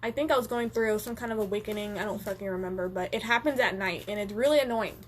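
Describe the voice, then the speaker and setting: A woman's voice: medium pitch, quick pace, slight background noise. A young woman hosting a live stream, chatting casually and swearing freely as she reads viewer comments and answers them. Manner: animated, profane, reads viewer comments aloud.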